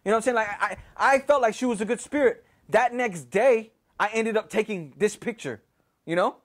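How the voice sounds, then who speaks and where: A man's voice: high-pitched, normal speed. A man from Houston, telling a personal story in a casual, profane, rambling way, full of "you know" and "right?". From Houston, Texas.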